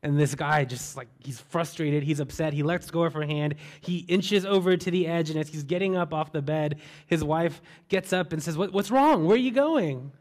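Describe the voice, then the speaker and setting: Man, fairly high voice, sermon, relaxed storytelling, rhetorical questions. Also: normal speed, hardly any pauses. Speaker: preacher.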